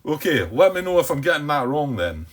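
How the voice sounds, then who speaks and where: A man playing a board game solo, thinking aloud in a hesitant way, repeating words, questioning himself and calming himself down by name. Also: fairly high pitch, brisk. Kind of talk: thinking-aloud playthrough commentary.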